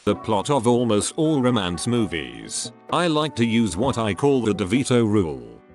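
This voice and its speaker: A man narrating, reading online comments aloud one after another and spelling out acronyms letter by letter. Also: lowish voice. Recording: background music under the voice. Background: music.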